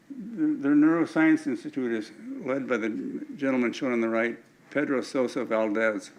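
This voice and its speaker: A man's voice: mid-range voice, rough recording. An older man giving an anecdotal lecture with slides at an alumni event, often stumbling and restarting his words.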